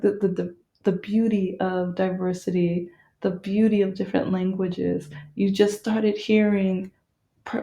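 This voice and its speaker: Talking casually about a movie she adored, this woman vlogger rambles, restarting sentences and using lots of fillers. Her medium-pitched voice has a dark tone, heard in an echoey room.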